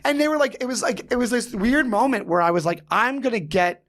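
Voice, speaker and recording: A man hosting a podcast, telling a story in a casual, animated way, acting out the quotes and laughing often. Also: extremely high pitch, quick pace. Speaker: podcast host.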